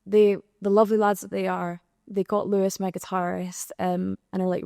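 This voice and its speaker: Scottish young woman, dry mellow voice. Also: mid-range voice, brisk, few pauses, clean tone, dry recording. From Scotland. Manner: animated storytelling, acting out quoted exchanges. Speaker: singer and guest. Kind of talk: candid panel conversation. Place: live podcast recording in an arts venue.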